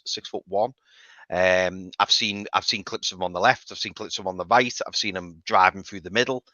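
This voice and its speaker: Bloke, fan panelist, bright and sharp voice, repeats himself, dull dry remote line. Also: male voice, on the low side, no echo. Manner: rambling, repeats words, many fillers. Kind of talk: casual football chat.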